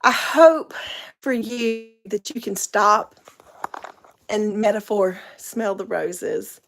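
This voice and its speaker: A woman's voice: medium pitch, slow pace, a bit bright, slight background noise. A middle-aged woman, rambling chattily in a casual livestream and laughing often. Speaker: vlogger.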